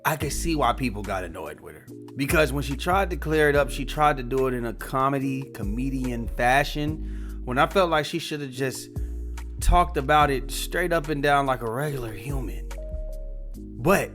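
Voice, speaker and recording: A man's voice: mid-range voice, expressive, moderate pace, fairly bright tone, faint music behind. A man hosting a commentary show, talking candidly and casually as he gives his opinions. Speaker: commentary channel host.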